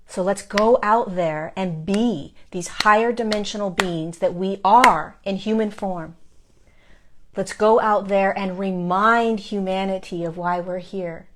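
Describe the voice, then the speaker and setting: A woman's voice: medium pitch, measured pace. Earnest, encouraging spiritual teacher woman. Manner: earnest, encouraging, repeats phrases for emphasis. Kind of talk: spiritual pep talk to viewers.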